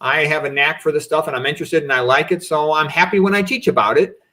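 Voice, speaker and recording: Man in his fifties, higher voice, reflective and rambling, doctor guest, video call. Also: fast, bright, forceful tone, a little hiss or hum. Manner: reflective, rambling, frequent "you know" and "okay". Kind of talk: casual interview answers.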